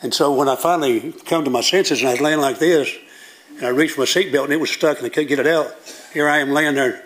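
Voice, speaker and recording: A man's voice: on the high side, quick pace, fairly bright tone. An older man, preaching a sermon as pastor and telling stories in a plain, folksy way. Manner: folksy storytelling with plain country grammar.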